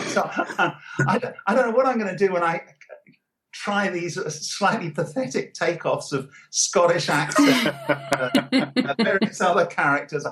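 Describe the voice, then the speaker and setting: Older male guest, higher-pitched, halting delivery thick with fillers. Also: a bit bright, slight background noise. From England, Anglo-Irish background. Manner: hesitant, many fillers and restarts. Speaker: guest comics writer. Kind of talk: casual interview talk.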